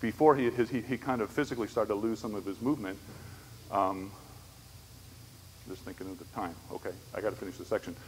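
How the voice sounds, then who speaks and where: In an echoey hall with faint background noise, a man with a low-side voice and steady tone talks fast but pauses often. His conversational church conference lecture covers disability ministry, mixing stories with frequent "right?" asides to check in with the audience.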